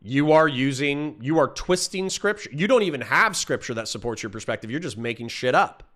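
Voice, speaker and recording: A man's voice: medium pitch, animated, fairly bright tone. A young man from Florida streaming a heated, profane rant at his chat, cutting himself off and apologizing, then charging back in. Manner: profane, combative, addresses chat directly; quick self-interruptions and apologies.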